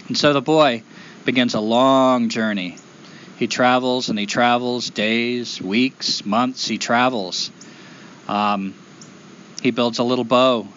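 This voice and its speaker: A male storyteller tells a traditional folktale aloud, building rhythm through repeated phrases. His voice is mid-pitched and expressive. The recording is a little dull, with a faint hiss beneath. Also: slow.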